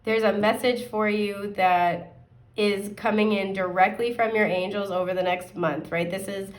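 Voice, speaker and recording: Woman tarot reader, chatty casual delivery, hoarse with throat clearing, mid-pitched, recorded in an echoey room. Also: steady tone, normal speed, far from the mic. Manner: chatty, upbeat, rambling with fillers. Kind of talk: casual pick-a-card tarot reading.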